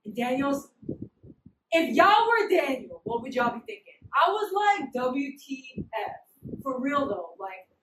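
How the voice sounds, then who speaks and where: High-voiced slangy woman preaching. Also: measured pace. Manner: slangy, animated storytelling. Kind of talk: casual sermon. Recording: roomy, distant, noisy hall.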